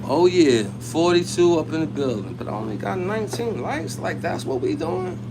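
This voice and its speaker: A man's voice: high-pitched, wildly swooping pitch, normal speed, over music. A man talking in streetwise slang while vlogging from his workplace on a handheld phone, jumping between topics. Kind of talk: casual vlog commentary. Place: his workplace, walking around.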